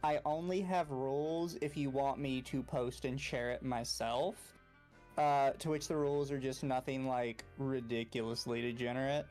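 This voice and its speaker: A young man with a faint Southern US accent talks in a frank, joking way on a casual podcast. His voice sits at an ordinary middle pitch. Soft music plays quietly under the conversation. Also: fairly even intonation, moderate pace. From Southern United States. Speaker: podcast co-host.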